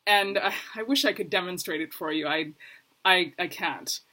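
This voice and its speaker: Bright, chatty woman hosting a casual language lesson, self-deprecating and quick to laugh. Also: lowish voice. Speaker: Hebrew teacher. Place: lived in Brooklyn.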